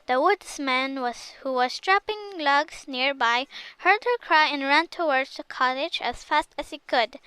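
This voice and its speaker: A woman reading a children's fairy tale aloud with lively, expressive storytelling. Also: high voice, dry recording, rough recording. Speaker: storybook reader.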